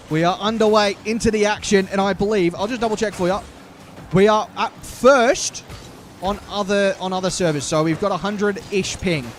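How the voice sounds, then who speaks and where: A man's voice: high voice, normal speed, soft background music. A young man chatting with his live stream chat and commentating an online game in a playful, hyped way. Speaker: streamer and caster.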